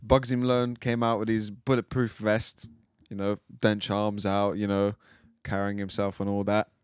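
A man's voice: on the low side, moderate pace, clear, resonant tone, no room sound, clean studio sound. A man, co-hosting a casual podcast and ranting in mock outrage. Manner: animated, joking rants with mock outrage. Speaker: podcast co-host.

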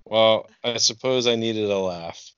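A man co-hosting a comedy podcast, doing comic bits and deadpan parody trailer narration. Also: lowish voice, measured pace, clean tone. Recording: dull lo-fi recording with faint music.

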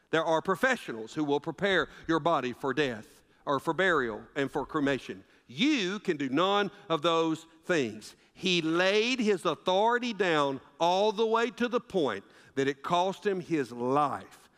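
A man pastor preaching a sermon, asking rhetorical questions and swinging between loud emphasis and hushed asides. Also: sits high. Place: church sanctuary. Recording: long reverb of a church sanctuary.

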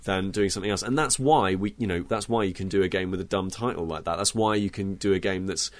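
A man's voice: low-pitched, quick pace. A man who makes games talks as a guest in a casual chat, with frequent fillers. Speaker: guest, game maker.

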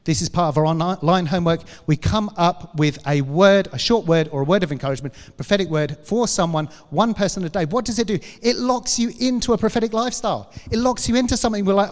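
Casting: higher-voiced man, church class teacher, playful and chatty, big hall reverb. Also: animated, fast. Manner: playful, joking, chatty with audience.

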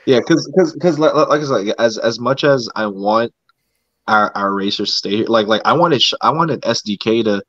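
A man's voice: on the low side, moderate pace, a bit bright, no echo, dull audio. Rambling male podcast host. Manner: rambling, repeats words, says bro. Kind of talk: casual chat.

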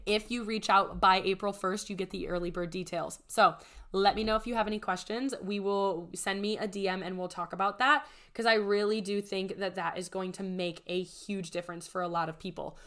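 A young woman business coach giving an enthusiastic, persuasive sales pitch, her voice strained and close to giving out. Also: fairly even intonation, brisk, a bit bright. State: strained, nearly losing her voice. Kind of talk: promotional podcast monologue.

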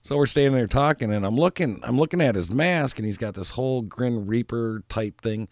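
A man's voice: medium pitch, brisk, no echo, clean studio sound. A man co-hosting a casual chat show who rambles through stories, laughs often and trips over his words. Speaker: co-host. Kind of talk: casual radio-style chat.

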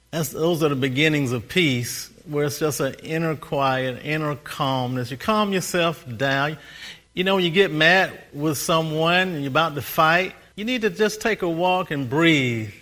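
A man preaching a sermon as pastor, building rhythmic repeated phrases, slowing down for emphasis and laughing at his own stories. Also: fairly high pitch, a bit bright.

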